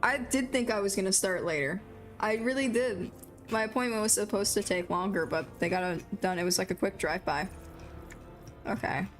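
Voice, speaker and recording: A young woman streams a game and talks to her chat in a loose, casual way, often mumbling to herself as she works through menus. Her voice sits at an ordinary middle pitch. Faint music plays underneath. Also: normal speed. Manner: self-described mumbler, chatty, muttering to herself. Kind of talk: casual live-stream chatter while playing.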